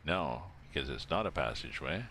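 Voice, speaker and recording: A man's voice: extremely low pitch, animated, a little fast, sharp tone, a little hiss or hum. An older Canadian man chatting casually and rambling while he streams a driving game from home. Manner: rambling, chatty, thinking aloud. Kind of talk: casual chat while playing.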